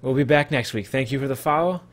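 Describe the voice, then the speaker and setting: A man's voice: medium pitch, quick pace. Rambling podcast host guy. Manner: rambling, self-correcting. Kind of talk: casual live-stream chat.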